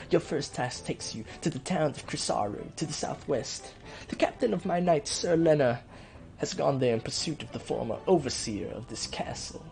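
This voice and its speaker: Slightly high, gravelly, and dark in tone, a man's voice portrays a pompous, scheming middle-aged duke for a game let's play. He gives the character a weaselly, nasal twang and stretches out his formal, courtly phrasing.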